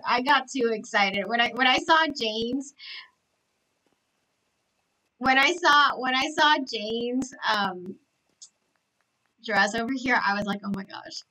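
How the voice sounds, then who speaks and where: High, bright, gushing young woman. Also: expressive, slow pace, pauses often, poor audio. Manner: gushing, gasping, repeats herself. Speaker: live streamer touring a game island. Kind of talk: excited live stream commentary.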